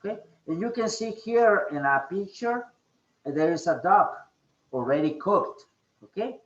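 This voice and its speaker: A man teaching an online English class, speaking slowly with many fillers and a repeated "okay?". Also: on the high side, reverberant, dull audio. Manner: slow, repeats "okay?" often, hesitant fillers.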